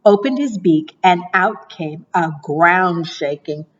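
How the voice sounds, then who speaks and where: A woman librarian gently reads picture books aloud to young children and keeps asking them questions. Her delivery is slow and breathy. She sounds distant and a little muffled. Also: lowish voice, expressive. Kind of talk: preschool storytime read-aloud.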